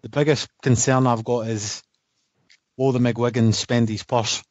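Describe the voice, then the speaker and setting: A man's voice: mid-range voice, steady tone, measured pace, a little mellow, no echo, highs cut off. A man co-hosting a casual podcast chat, enthusiastic and swearing freely, often trailing off mid-sentence. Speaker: podcast co-host. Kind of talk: casual chat about boxing.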